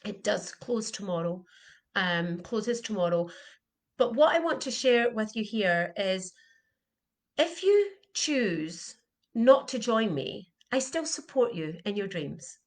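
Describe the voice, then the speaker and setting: An animal communication coach, a middle-aged woman, gives an earnest, heartfelt motivational talk, repeating her questions for emphasis. She speaks slowly in a mid-range voice with lively intonation.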